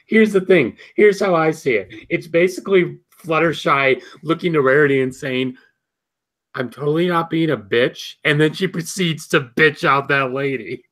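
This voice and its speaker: A man co-hosting a casual episode review, excitable and quick to laugh and swear. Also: fairly high pitch. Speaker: podcast co-host.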